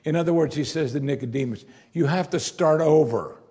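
A man with a fairly high voice speaks fairly quickly, preaching an expository sermon in a conversational style. He is animated and now and then playfully acts out the words of the people in the story.

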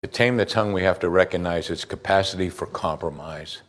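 In this sermon, a male pastor asks the congregation pointed questions, booming at the climaxes and slowing to a low, unhurried delivery when reading scripture.

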